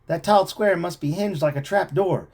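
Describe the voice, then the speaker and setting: A man's voice: high-pitched, normal speed, a little mellow, slightly rough, voice pushed up. A man reading aloud, voicing a bold, eager teenage boy detective. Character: bold adventurous teen boy Joe.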